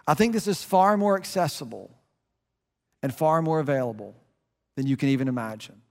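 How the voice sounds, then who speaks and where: Man, middle-aged, pastor, conversational sermon, restarts phrases, somewhat high-pitched, hall reverb. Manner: earnest, conversational preaching with repeated restarts.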